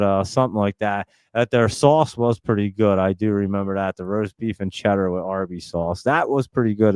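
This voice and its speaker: Guy hosting a live stock stream, talks a mile a minute, smooth voice, dry close sound. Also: lowish voice, a little mellow, no echo. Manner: talks extremely fast and nonstop; chatty, rambling, laughs often. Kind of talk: casual live-stream chat.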